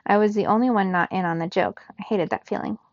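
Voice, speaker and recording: Gravelly woman reading a story aloud. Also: mid-range voice, fast talker, no echo, lo-fi sound. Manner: first-person narration, steady. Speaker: reader.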